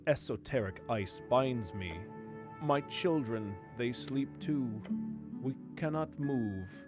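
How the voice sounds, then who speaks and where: A man voicing a huge, solemn old snail lord trapped in ice, speaking slowly and mournfully. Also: medium pitch, lively intonation, music in the background, voice pushed down. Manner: slow, drawn-out, mournful.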